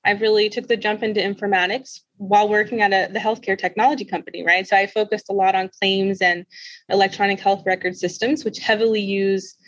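A woman answers interview questions in a friendly, earnest way, often checking in with "right?". Her voice sits at a middle pitch. The sound is dry, with no room echo. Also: fairly even intonation, fairly quick, fairly bright tone, highs cut off. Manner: earnest and friendly, with small restarts and frequent "right?". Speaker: podcast guest, health informatics director.

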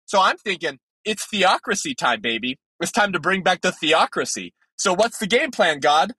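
Male podcast guest, fervent preacher delivery; fairly high, husky voice, very animated pitch. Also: moderate pace, no echo, poor audio. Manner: fervent, emphatic, with sudden leaps in pitch. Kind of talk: impassioned preaching-style commentary.

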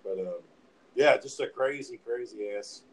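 On a rough recording, a man with a medium-pitched voice speaks at a moderate pace, casually telling friends about a wild party. He swears freely and animatedly acts out everyone's lines.

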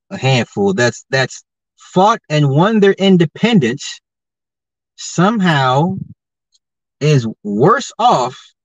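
A podcast host delivers confrontational social commentary, firing off rhetorical questions, and his voice jumps high when he gets worked up. It is recorded dry on a dull lo-fi podcast mic, with no echo.

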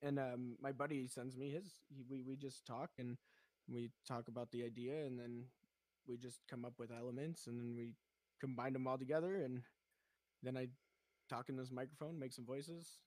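A man's voice: mid-range voice, flat delivery, moderate pace, a little mellow, no echo. A man chatting casually on a podcast, rambling with many fillers while he explains how he works. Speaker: podcast host and animator.

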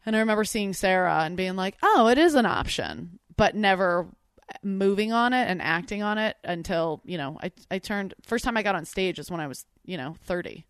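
A woman's voice: medium pitch, fairly quick, clear, resonant tone, no echo, clean studio sound. A woman comedian in her thirties from Detroit, telling stories in casual chat, swearing freely and filling her talk with "like.". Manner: candid storyteller, frequent swearing, many "like"s. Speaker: stand-up comedian, podcast guest.

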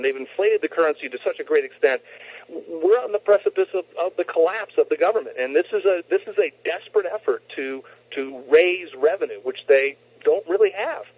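Man, earnest lecturing guest, husky higher voice, dry thin phone line. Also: dry recording. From United States. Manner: earnest, lecturing, frequent restarts. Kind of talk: opinionated interview talk. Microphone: telephone.

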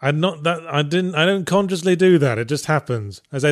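A middle-aged man from England with a mixed, softened English accent, chatting in a dry, teasing way as a podcast co-host. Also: fairly high pitch, brisk, no echo. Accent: mixed English, mellowed by years abroad. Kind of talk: casual chat.

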